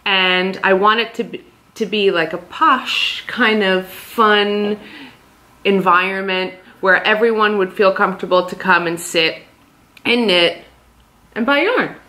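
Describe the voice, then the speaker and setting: Woman, from Staten Island, shop owner; bright voice, chatty, restarts sentences. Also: medium pitch. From Staten Island, New York. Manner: animated storyteller, halting restarts. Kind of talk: casual chat.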